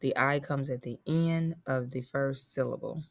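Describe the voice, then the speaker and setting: A woman's voice: extremely low pitch, steady tone, unhurried. A woman teacher giving a phonics lesson to young children, patiently spelling and sounding out words.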